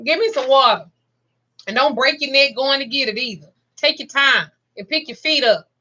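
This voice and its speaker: Chatty Southern woman, 40s, forceful bright tone, plain-spoken vlogger. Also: high-pitched, moderate pace, lo-fi sound. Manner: chatty, blunt, swears freely. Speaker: spiritual practitioner. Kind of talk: casual vlog chat.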